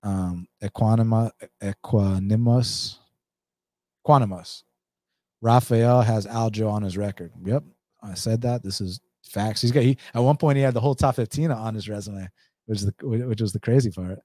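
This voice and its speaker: This male livestream host from the United States speaks with an Atlanta, Southern accent in a low, dark-toned voice, fairly quickly. Loose and chatty, he reads viewers' comments out loud, laughs often and swears freely as he answers them. The recording is dry.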